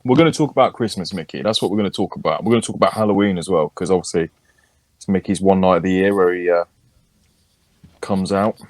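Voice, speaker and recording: A man with a fairly low voice trades crude, joking banter as a podcast co-host. The sound is close and dry, with no room around it. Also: quick pace, a little mellow, no room sound. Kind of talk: casual chat.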